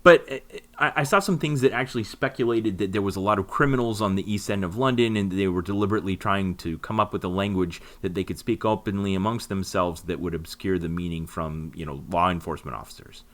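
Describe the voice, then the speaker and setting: A man's voice: low-pitched, quick pace, hardly any pauses, a bit bright. A man co-hosting a podcast, explaining things in a rambling casual way with many fillers. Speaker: podcast co-host.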